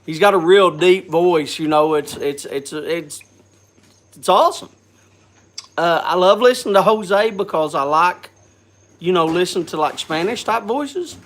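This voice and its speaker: Guy with a cold hosting a live chat, kinda high voice, stumbles and repeats words. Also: lively intonation, a bit bright. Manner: halting, restarts with repeated words. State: congested with a cold, coughing. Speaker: host. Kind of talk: casual livestream chat.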